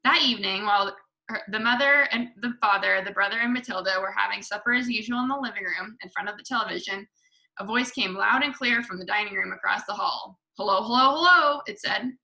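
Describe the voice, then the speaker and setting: A woman reading a children's book aloud to a book club, expressive with small slips. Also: mid-range voice, fast, vocal fry, low-quality recording.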